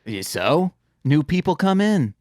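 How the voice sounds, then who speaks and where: A man co-hosting a podcast from home, chatting casually and teasing with quick jokes. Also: a little high, sing-song, a little mellow, dry recording, clean studio sound. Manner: playful, teasing, jumps between jokes. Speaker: podcast co-host. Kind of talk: casual chat. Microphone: headphones on, home mic.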